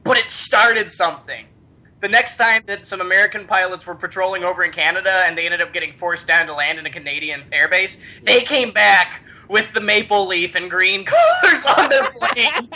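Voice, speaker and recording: A man co-hosts a casual podcast and tells long, rambling stories. His voice is bright and ringing, and he keeps stopping to restart his sentences. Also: high-pitched, fairly quick. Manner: rambling, animated, many restarts. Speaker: podcast co-host. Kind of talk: casual chat, storytelling.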